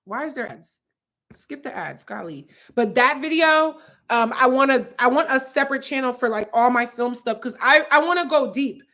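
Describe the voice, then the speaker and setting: Livestreaming from her apartment, a Philadelphia YouTuber in her twenties reads out viewer comments in a high, sharp-toned voice with lively intonation and a moderate pace. Her talk is chatty and meandering, packed with "like" and "um."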